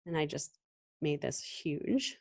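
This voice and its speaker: A woman teaching a design class in a screen-recorded software tutorial, talking in a relaxed, conversational way with frequent ums and restarts. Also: low voice, slow pace. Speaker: design instructor.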